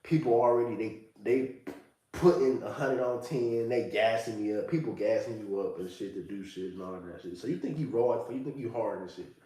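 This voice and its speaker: A man's voice: lowish voice, moderate pace, warm tone. A man in his thirties sharing a reflective monologue in loose street slang, often repeating "you know what I'm saying.". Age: 30s. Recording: distant mic in a very echoey room.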